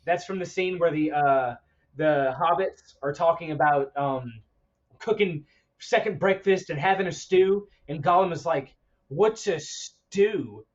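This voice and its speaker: A man's voice: on the high side, normal speed, lo-fi sound. A man co-hosting a podcast in casual chat, rambling and laughing between stories. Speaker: podcast co-host.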